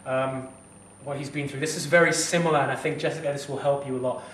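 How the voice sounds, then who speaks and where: A man's voice: mid-range voice, steady tone, fast talker, fairly bright tone, reverberant, far from the mic, slight background noise. A fitness instructor talking straight to camera, heated and blunt, swearing as he gives advice. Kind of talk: direct-to-camera advice vlog.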